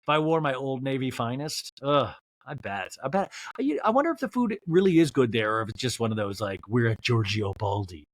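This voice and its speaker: Picture a young male podcast host tearing through a reality TV recap with snark. His pitch leaps all over, jumping from mutters to squeals, and the sound is dry and close to the mic. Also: a little fast, no echo. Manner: snarky, animated, mocking. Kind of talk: comedic TV recap.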